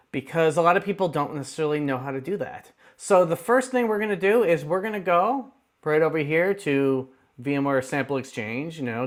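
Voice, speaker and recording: A man casually walking viewers through a software tutorial on screen, chatty and upbeat with playful asides, speaking into a close desk microphone. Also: on the high side. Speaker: tech tutorial host.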